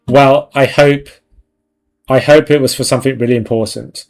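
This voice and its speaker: A man's voice: medium pitch, fairly even intonation, normal speed, creaky, darkish tone. A young man hosting a livestream, chatting casually with viewers in a rambling way and laughing often. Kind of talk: casual chat.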